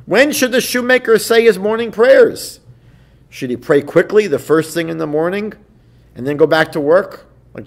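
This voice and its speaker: A man with a somewhat high voice gives a rabbi's evening lecture. He teaches conversationally, moving between stories and passages he reads aloud. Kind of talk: evening lecture in a seminar series.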